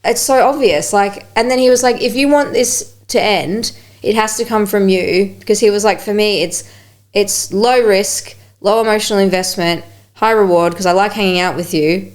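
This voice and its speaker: A woman's voice: medium pitch, moderate pace. A young woman hosting a podcast, telling a story in casual chat, swearing freely and acting out quotes. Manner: animated, swears freely, acts out quotes in a raised voice. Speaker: podcast host.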